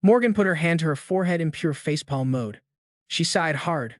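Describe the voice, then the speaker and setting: A man's voice: a little high, lively intonation, a little fast, no echo, clean studio sound. Slangy male recap narrator. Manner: casual, slang-heavy.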